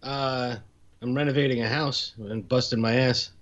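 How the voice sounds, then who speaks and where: A man's voice: mid-range voice, fairly even intonation, moderate pace, a bit bright, lo-fi sound. A man chatting casually as a podcast guest over an internet call, laid-back and rambling, often laughing. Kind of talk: casual chat.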